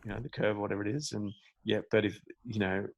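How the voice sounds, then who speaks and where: Man with a low gravelly voice. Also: fast, no echo, highs cut off. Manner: animated, emphatic storyteller. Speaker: meditation teacher, podcast guest. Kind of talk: casual podcast conversation.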